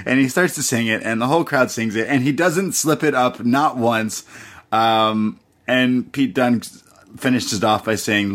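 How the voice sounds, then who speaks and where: A man's voice: medium pitch, expressive, measured pace, a bit bright. A young man hosting a podcast, chatting casually and laughing often as he retells a wrestling show with quoted voices. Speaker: podcast host. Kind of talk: casual wrestling recap chat.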